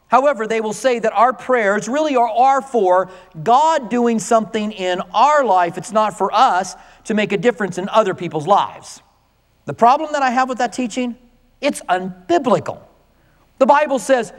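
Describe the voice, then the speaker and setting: Animated male preacher in reverberant hall. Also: high-pitched, moderate pace. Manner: animated, conversational preaching with mimicked voices. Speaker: pastor. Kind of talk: sermon.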